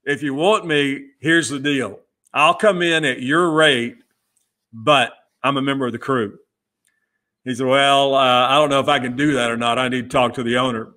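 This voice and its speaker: Bright-voiced middle-aged man telling stories. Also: medium pitch, normal speed. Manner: lively storyteller who acts out quoted dialogue. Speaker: guest, former pit crew member. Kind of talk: casual storytelling interview.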